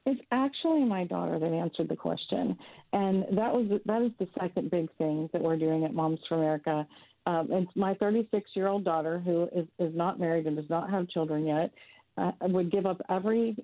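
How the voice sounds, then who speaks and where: A woman's voice: fairly low pitch, a little fast, no echo. A woman in her fifties, a guest founder speaking earnestly and emphatically in an interview. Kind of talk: interview, advocacy talk. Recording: tinny phone-like line, dry.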